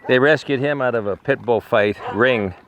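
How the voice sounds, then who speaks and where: An older man speaks to rescued dogs in a fond, coaxing way, his pitch sitting in an ordinary middle range. Dogs and clear background noise fill the outdoor recording around him. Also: normal speed, muffled recording. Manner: affectionate, coaxing baby talk to animals. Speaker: animal rescuer. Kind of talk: casual talk to rescued dogs.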